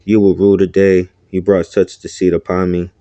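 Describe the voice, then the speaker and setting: A man's voice: low-pitched, monotone, normal speed, dark tone, no room sound, lo-fi sound, lightly acted. A man voicing a bitter young man who claims he was the rightful heir, speaking in a resentful, accusing way.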